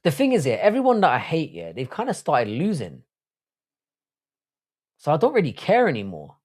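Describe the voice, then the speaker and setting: A man's voice: a little high, wildly swooping pitch, moderate pace. A man hosting a casual livestream chat, rambling and swearing, often restarting his sentences. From Ireland. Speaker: podcast host.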